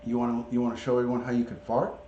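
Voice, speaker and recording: A man's voice: mid-range voice, monotone, racing, mellow. Man, livestream host, coaxing baby talk to a pet, greets viewers by name, muffled lo-fi audio, faint hum. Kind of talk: casual livestream chat. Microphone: camera or device mic, not clipped on. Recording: roomy, dull lo-fi stream audio.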